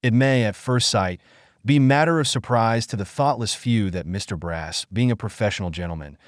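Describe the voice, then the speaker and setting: An audiobook narrator, male, reads a classic novel in a measured, even storytelling style. His voice sits on the low side, and the studio-quality recording has no room sound.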